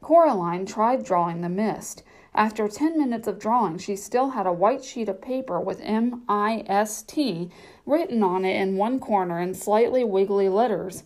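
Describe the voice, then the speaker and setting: A woman narrating a children's novel audiobook at a measured storytelling pace. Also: medium pitch, a little mellow.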